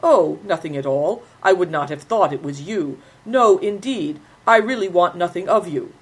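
A woman voicing a sly, courteous Mongol horseman who speaks with smooth, flowery politeness. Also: lowish voice, lively intonation, normal speed.

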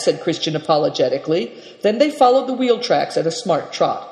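A reader narrating a children's novel aloud, steady yet expressive. The pitch moves lively through each line. The recording has a roomy echo with a long reverb tail. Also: brisk. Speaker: storyteller. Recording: echoey room with long reverb.

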